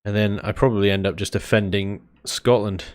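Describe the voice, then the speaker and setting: A man's voice: fairly low pitch, steady tone, fairly quick. A man chatting casually while live-streaming a building game, thinking aloud and chuckling often.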